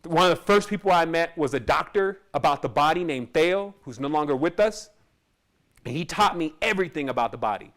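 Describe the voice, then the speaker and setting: A man's voice: on the high side, animated, a little fast, a bit bright. A man who teaches spirituality, telling his own story in a casual, rambling monologue and laughing often.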